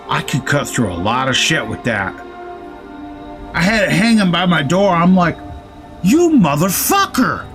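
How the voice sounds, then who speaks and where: A man telling a rambling, profane story while playing a game. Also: fairly high pitch. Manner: profane, rambling anecdote with quoted threats. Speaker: gaming streamer. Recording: faint music underneath.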